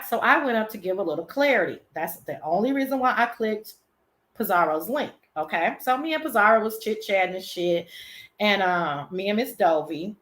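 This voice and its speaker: A woman hosting her own show, telling gossip in a casual, animated, profane and sassy way. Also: medium pitch, echoey room. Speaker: show host.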